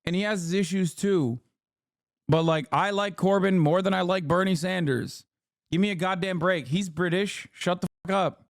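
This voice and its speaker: A man in his thirties reacting to a video on a livestream, blunt, exasperated and quick to swear. His voice sits fairly high. The sound is dry and close. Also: no room sound. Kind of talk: casual livestream commentary.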